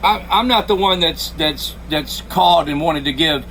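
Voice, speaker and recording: Sarcastic man, higher voice. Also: moderate pace, pushed and bright, low-quality recording. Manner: sarcastic, mocking, repeats his pointed questions. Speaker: channel host making a phone call. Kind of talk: confrontational phone call.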